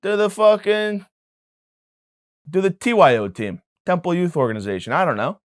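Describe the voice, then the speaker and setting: A man's voice: high voice, animated, moderate pace, dry recording, clean studio sound. A man hosting a podcast, delivering a profane, rambling comedic monologue with mock indignation. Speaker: podcast host.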